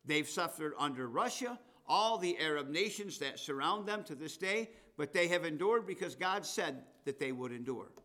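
A man preaches a sermon, reading scripture aloud. His voice sits a little high for a man. He hammers his main points and then slips into soft, offhand remarks. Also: animated, normal speed, hardly any pauses. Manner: emphatic, rising to loud declarations and dropping to asides.

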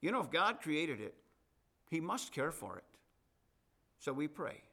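A man's voice: a little high, sing-song, a little slow, creaky, pushed and bright. A middle-aged man preaching a sermon to his congregation, mixing scripture with chatty asides and folksy humor. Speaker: pastor.

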